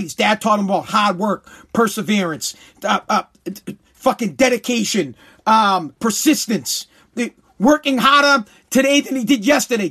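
A man with a strikingly high voice delivers a heated, profane rant. He repeats his points and breaks into shouts. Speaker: commentator. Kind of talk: ranting commentary.

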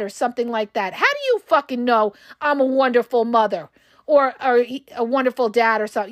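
A woman's voice: high voice, lively intonation, normal speed, a bit bright, dry recording, clean studio sound. A woman hosting a podcast about narcissists and talking straight to her listeners in a blunt, profane way, repeating her points for emphasis. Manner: blunt and profane, addressing listeners as "you guys". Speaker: podcast host and relationship coach. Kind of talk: casual monologue.

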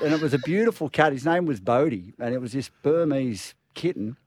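A man's voice: mid-range voice, animated, fairly quick, background noise. A middle-aged Australian man chatting on radio, telling stories with lots of stumbles and restarts. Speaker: radio co-host. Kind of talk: casual radio banter.

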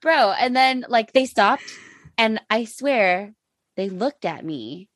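A woman's voice: a little high, expressive, takes it slowly, fairly bright tone, dry recording. Chatty woman with a dry sound. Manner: chatty, slangy storyteller. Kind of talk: casual chat.

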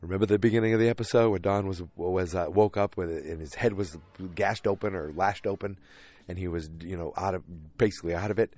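Rambling low-voiced man recapping an episode. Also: fast, darkish tone, dry recording. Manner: rambling, many fillers and restarts.

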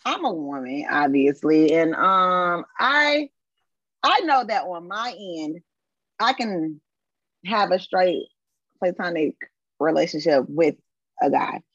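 A woman's voice: on the low side, animated, takes it slowly, long pauses, a bit bright, breathy edge, dry recording, dull audio. A woman talking as a guest in a casual podcast chat, loose and conversational, circling back with fillers. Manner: conversational, repeats filler words.

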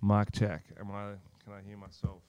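A man's voice: on the low side, monotone, normal speed, darkish tone, highs cut off, slight background noise. An Australian man co-hosting a podcast, joking loosely and swearing casually. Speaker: podcast co-host. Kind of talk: casual banter.

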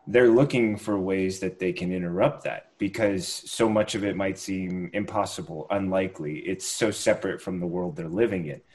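Male interviewer, deep voice, thoughtful casual conversation. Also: darkish tone.

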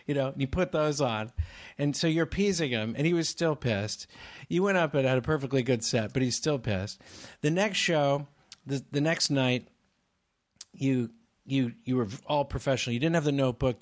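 Man, casual storyteller, animated, does quick impressions. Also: mid-range voice. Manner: animated storyteller, acts out quoted voices. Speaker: fellow comedian telling a road story.

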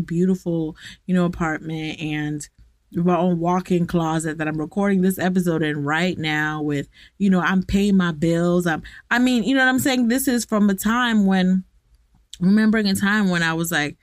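A woman's voice: on the low side, no echo, studio quality. Candid young woman podcasting from home. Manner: candid and conversational, addresses listeners directly. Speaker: podcast host. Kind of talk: personal reflective podcast monologue. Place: walk-in closet at home.

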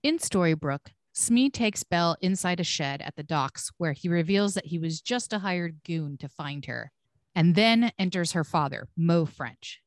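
Woman podcast host doing a recap, low voice, blunt and sweary, dry mic. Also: animated, measured pace, no room sound. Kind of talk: scripted recap narration with casual asides.

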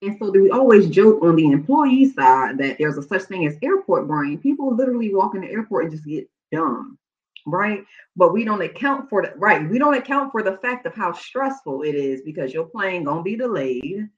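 A middle-aged woman hosting a podcast, relaxed and conversational, sharing work stories in casual chat. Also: mid-range voice, moderate pace. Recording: dull, muffled mic.

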